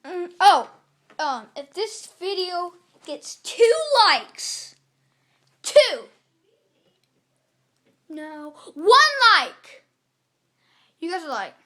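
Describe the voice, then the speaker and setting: A woman's voice: very high-pitched, sing-song, slow pace. A young girl vlogging casually to camera at home, rambling and apologizing a lot, with little giggles. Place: at home in a room.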